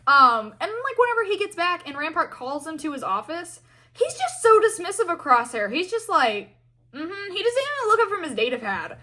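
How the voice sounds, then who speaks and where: A woman's voice: extremely high pitch, very animated, normal speed, sharp tone. A young woman giving a casual, exasperated fan rant full of fillers and acted-out quotes. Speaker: fan commentator.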